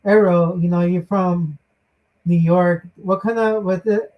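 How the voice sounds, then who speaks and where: Slow, halting woman on a dull line. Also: lowish voice, fairly even intonation. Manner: halting, searching for words. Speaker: host. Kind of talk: casual chat. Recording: dull lo-fi sound.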